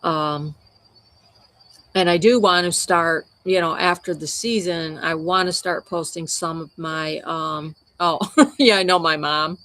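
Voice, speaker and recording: A woman's voice: fairly low pitch, steady tone, unhurried, sharp tone, no echo. A woman wildlife photographer chatting casually with livestream viewers, telling meandering, conversational stories.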